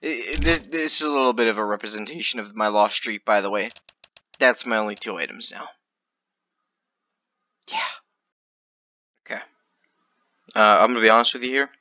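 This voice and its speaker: A man commentating his online gambling in a casual video, stammering and swinging between loud excitement and quiet muttering. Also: on the low side, normal speed, pauses often. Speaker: gaming video creator.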